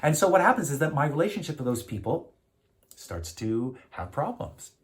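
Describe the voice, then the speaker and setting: A man's voice: on the high side, very animated, normal speed. A man, a keynote speaker, giving a reflective motivational talk to camera, with frequent hesitations and filler sounds.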